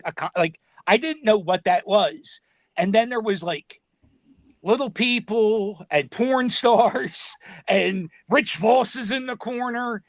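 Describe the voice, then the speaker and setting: Halting high-pitched man, wry. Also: dry recording, studio quality. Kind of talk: casual podcast chat.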